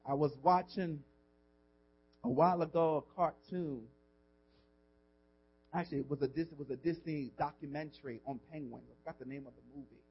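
A pastor preaching a sermon, swinging from loud emphasis down to a hushed whisper, informal and repeating words as he asks the congregation questions. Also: on the high side, steady tone, moderate pace, long pauses, breathy edge, muffled recording.

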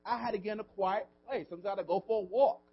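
A man preaching a sermon as pastor, swinging between hushed, tender passages and loud, drawn-out emphasis, with frequent "come on" asides to the congregation. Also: high voice, faint music behind. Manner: preaching with rising and falling intensity, call-and-response asides. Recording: dull lo-fi audio.

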